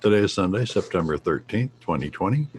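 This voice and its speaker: A man co-hosting a community radio show, reading announcements and station details in a steady announcer manner. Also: low voice, fairly quick.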